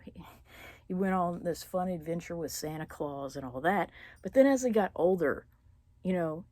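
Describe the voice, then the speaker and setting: A woman vlogging about her feelings, halting with many fillers and dropping into whispers as she holds back tears. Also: on the low side, dark tone, dry recording. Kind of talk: personal confessional vlog.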